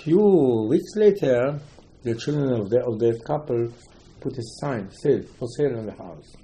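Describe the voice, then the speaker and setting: A man's voice: mid-range voice, animated, normal speed, mellow, a little hiss or hum, rough recording. A man giving an informal religious talk, telling a story with many repetitions and emphatic rising outbursts. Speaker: religious teacher.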